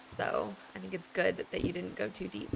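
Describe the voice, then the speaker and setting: A woman's voice: on the low side, level tone, normal speed, gravelly, a little hiss or hum. A woman streaming a building game, chatting with her viewers in a rambling, playful way and laughing often. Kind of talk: casual chat with stream viewers while building.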